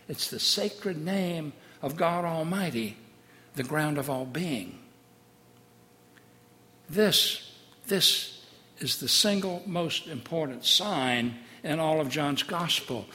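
Bright-voiced male pastor preaching. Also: on the high side, measured pace, big-room sound. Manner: emphatic, repeats key phrases, drops to a soft hush. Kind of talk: sermon.

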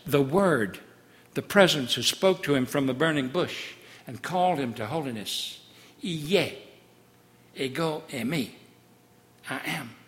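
A man preaching a sermon as pastor, emphatic, repeating key phrases and sinking to a soft hush. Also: fairly high pitch, long reverb tail.

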